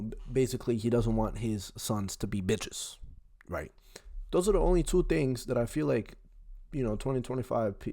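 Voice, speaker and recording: A man's voice: mid-range voice, mellow. Young guy reacting to clips, slangy and emphatic, says bro a lot, mid voice. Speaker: reaction video host. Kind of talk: casual reaction commentary.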